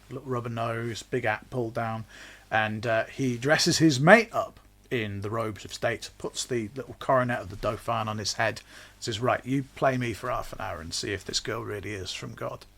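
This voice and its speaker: A man hosting a casual history podcast, chatty and slangy, slipping into quick voices for the people in his story. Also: mid-range voice, vocal fry, a bit bright. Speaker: podcast host.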